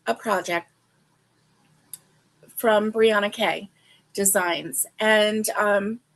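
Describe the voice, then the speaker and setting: Slow, chatty woman crochet streamer. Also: mid-range voice. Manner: chatty and rambling, with many fillers; talks to viewers directly. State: yawning, a little sleepy. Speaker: crochet livestream host. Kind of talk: casual livestream chat.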